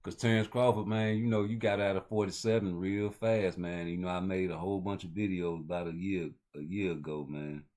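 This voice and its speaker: Deep-voiced man rambling about boxing. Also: little pitch movement, fairly quick, few pauses, darkish tone. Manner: loose, rambling street talk with heavy slang. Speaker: host. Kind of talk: casual boxing commentary.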